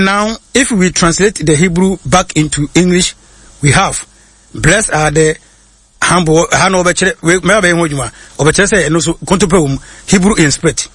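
A man with a Ghanaian accent teaching in sermon style, reading quotes slowly and then explaining them in quick bursts with many hesitations. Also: fairly high pitch, a bit bright, slightly rough. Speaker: preacher. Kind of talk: sermon-style teaching, mixing English and Twi.

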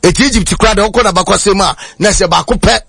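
A man presenting a radio sports segment in a steady, informative way. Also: high-pitched, fast talker, gravelly, husky, no echo, studio quality.

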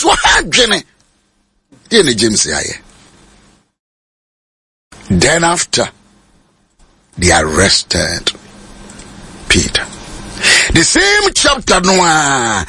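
A preacher whose voice is gravelly and husky. It is bright and forceful, and his pitch swings widely. He switches between Twi and English and climbs into high shouted peaks. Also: wildly swooping pitch, unhurried, pauses often, no room sound. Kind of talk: sermon.

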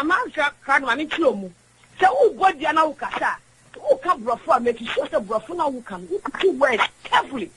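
Woman caller, bright voice, faint noise behind her, lectures emphatically. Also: very high voice, rough recording. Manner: emphatic, preachy, switches between languages. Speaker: radio caller. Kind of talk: call-in opinion talk.

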